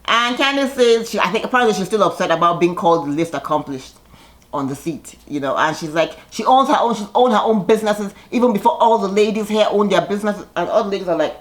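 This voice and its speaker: A woman giving a casual, gossipy recap of a reality show, chatty and animated when she quotes people. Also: mid-range voice, quick pace.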